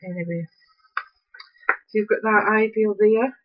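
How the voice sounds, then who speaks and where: Woman doing a craft demo, slow and easy, kind of dull lo-fi sound. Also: medium pitch, fairly even intonation. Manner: chatty, unhurried, thinking aloud while working. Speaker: craft tutorial host. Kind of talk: casual crafting demonstration. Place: upstairs room at home.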